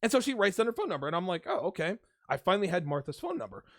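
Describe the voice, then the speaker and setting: A commentary-channel host tells stories in an animated, profane monologue, talking very fast in a high register and often restarting. He records solo in a home studio with a fan nearby, yet the sound is studio quality with no room noise.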